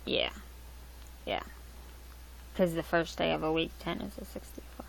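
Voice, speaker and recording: Rambling woman with gravelly voice. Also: sits low, measured pace, a little hiss or hum, rough recording. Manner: rambling, loose, with many fillers and restarts. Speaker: livestream host. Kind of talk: casual rambling chat. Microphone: laptop mic.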